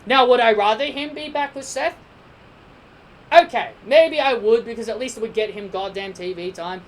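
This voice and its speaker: A woman's voice: fairly high pitch, normal speed, rough recording. Rambling woman reviewing a wrestling show. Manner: rambling and opinionated, with frequent restarts. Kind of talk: casual spoken review.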